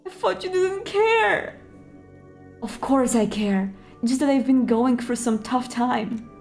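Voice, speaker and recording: A shaky, tearful young woman speaks through an old intercom in a high, fragile voice, as a woman reads her lines. She is wistful and sounds close to crying. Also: a little slow, soft background music.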